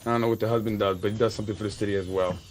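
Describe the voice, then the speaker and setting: A man's voice: on the low side, steady tone, very fast, noisy background. A man hosting a casual local politics show, teasing and mocking his critics in a sing-song way. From Yonkers, New York. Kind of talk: casual political livestream commentary. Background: hip hop music.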